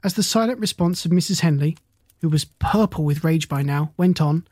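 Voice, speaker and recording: Storybook narrator, even steady telling, dry close sound, mid-pitched voice. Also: normal speed, dry recording. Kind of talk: storybook reading.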